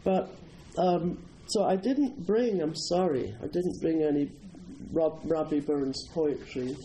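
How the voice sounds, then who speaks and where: A man's voice: a little high, slow pace, mellow, slight background noise, poor audio. A Scottish man from Scotland giving an informal, humorous Buddhist talk, telling stories and often chuckling. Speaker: Buddhist teacher.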